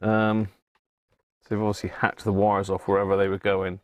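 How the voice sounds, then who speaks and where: A man's lowish voice, delivered completely flat at a moderate pace. He hosts a casual livestream in his home workshop restoring vintage radios, talking in a southern English accent, chuckling frequently and responding to viewers by name as he inspects old radios on the workbench.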